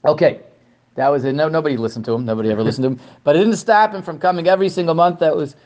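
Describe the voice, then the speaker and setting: Animated man teaching a class. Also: a little high, very fast. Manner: animated, repeats words, asks questions. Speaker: Torah teacher. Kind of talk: lecture to a class.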